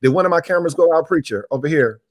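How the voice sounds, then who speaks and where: A man's voice: fairly high pitch, expressive, racing, dry recording. A pastor preaching on a live church broadcast, exhorting his people and repeating phrases as he calls out to the room.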